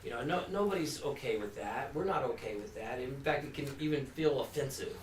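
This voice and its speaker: A man's voice: medium pitch, lively intonation, brisk. A man, a recovery counselor, giving an informal, earnest talk to a family group, with restarts and frequent "you know". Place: meeting room. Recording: echoey room, distant mic, faint hum.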